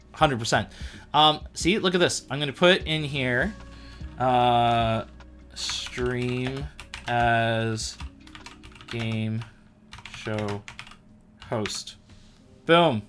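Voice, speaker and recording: A man's voice: fairly high pitch, fairly bright tone. Chatty, playful man hosting a livestream. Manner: chatty and playful, with self-deprecating asides. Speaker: livestream host. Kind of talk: casual livestream chat.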